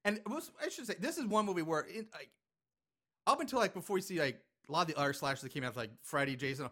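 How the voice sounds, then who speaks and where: Guy with a bright kinda high voice rambling thru a movie recap, lots of likes and ums. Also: expressive, fast. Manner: rambling, profane, laughing recap with many fillers. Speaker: podcast co-host recapping a film. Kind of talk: casual chat.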